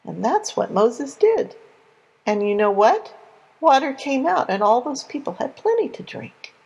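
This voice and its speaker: A woman telling a Bible story in an animated, conversational way for young listeners. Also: high-pitched, a little slow, gravelly, husky, highs cut off.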